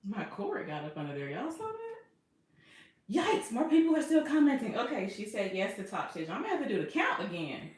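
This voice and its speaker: A woman's voice: on the high side, wildly swooping pitch, brisk, darkish tone. A woman hosting a casual sewing livestream, chatting to herself and reading viewer comments aloud as she works. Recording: echoey room with faint noise.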